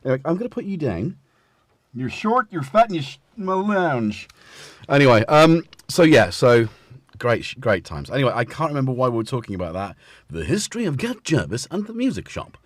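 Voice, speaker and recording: A man's voice: mid-range voice, sing-song, a little fast, no echo, studio quality. A man hosting a livestream, chatting casually and rambling with frequent laughs. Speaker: livestream host.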